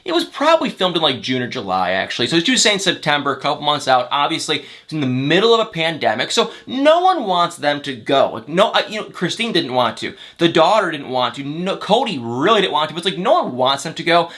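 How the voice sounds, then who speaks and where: A man who hosts a celebrity gossip channel, recapping a reality show in a chatty, exasperated, animated way. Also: fairly high pitch.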